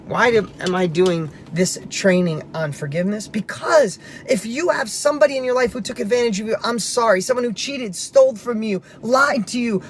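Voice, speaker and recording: A man's voice: high-pitched, slight background noise. A middle-aged man speaking as a motivational speaker, telling a personal story in an emphatic, conversational way and repeating phrases for punch.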